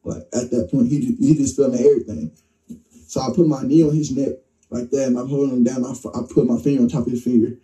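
A man's voice: mid-range voice, quick pace, far from the mic, rough recording. A man casually telling a story in slangy speech, acting out what people said. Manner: relaxed, slangy, acts out dialogue. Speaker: interview guest telling his story.

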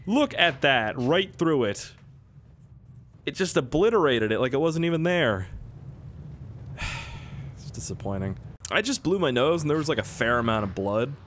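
A young man with a cold rambles through casual gameplay commentary, excitable and jokey, with a middle-pitched voice. Loud engine and crash sounds from the game run underneath him. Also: moderate pace, pauses often, slight background noise. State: has a cold, coughing. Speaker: gaming video host.

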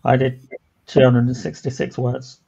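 A British man who is a guest writer, chatting in a hesitant, low-key way. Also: completely flat delivery, normal speed, gravelly, mellow, breathy edge, muffled recording. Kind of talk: casual chat among writers.

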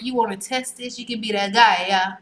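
A woman's voice: fairly high pitch, fairly even intonation, brisk, fairly bright tone. A woman hosting a music video reaction, chatting casually and exclaiming back at the screen. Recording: roomy echo with music playing.

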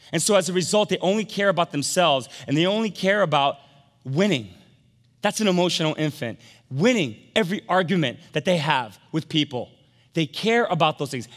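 A middle-aged man preaching a sermon as pastor, animated, swinging from emphatic peaks down to soft, quiet storytelling. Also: high voice. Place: large church sanctuary. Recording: long hall reverb from a church sanctuary.

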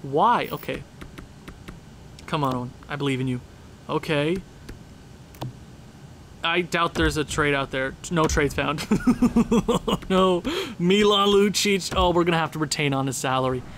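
Excitable man with a highish voice. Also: a little slow, long pauses, slight background noise. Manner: excitable, talks to the game, bursts into shouting laughter. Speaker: gaming channel host. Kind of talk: casual gameplay commentary.

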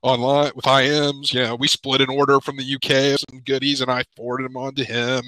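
A man in a podcast video call, talking haltingly with many pauses and fillers, choked up with emotion. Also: mid-range voice, sharp tone, dry recording, low-quality recording. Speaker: podcast panelist. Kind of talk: emotional casual chat. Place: home.

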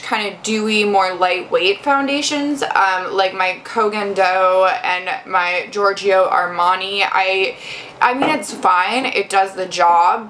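A woman's voice: medium pitch, fairly bright tone, a little hiss or hum, low-quality recording. A young adult woman giving a casual makeup review, chatty and rambling with lots of fillers and restarts. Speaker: beauty vlogger.

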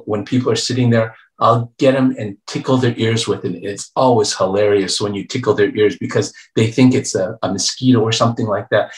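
A pastor preaching a youth revival sermon, telling a story and acting out its voices, playful and joking. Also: male voice, lowish voice. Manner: storytelling preacher, acts out voices and swings between hushed and loud; playful, calls himself a joker. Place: church sanctuary. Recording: echoey church room.

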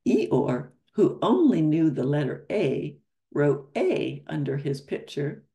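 An older woman storyteller reads a picture book aloud to children, pausing between pages to ask the listener questions. Her voice sits low and is gravelly and dark, with big pitch swings and a slow pace.

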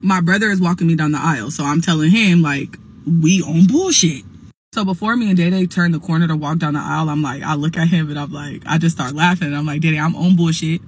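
A woman's voice: deep voice, fast talker, few pauses, slight background noise. A young adult woman telling a heated storytime, blunt, profane and emphatic. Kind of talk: casual storytime monologue.

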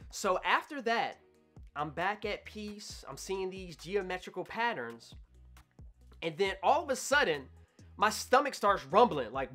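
A man telling a personal story to camera in an animated way, acting out his own past thoughts. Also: high-pitched, normal speed, soft background music. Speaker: vlogger.

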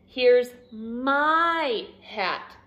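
A woman reading aloud, voicing a gentle, reassuring father in a picture book. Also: on the high side, animated, drawn-out words, muffled recording, full character voice.

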